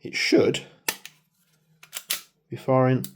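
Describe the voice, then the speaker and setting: A man hosting a hands-on airsoft test, talking casually and muttering to himself as he works the gear. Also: very slow. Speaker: airsoft channel host. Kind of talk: casual hands-on product testing. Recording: clear background noise.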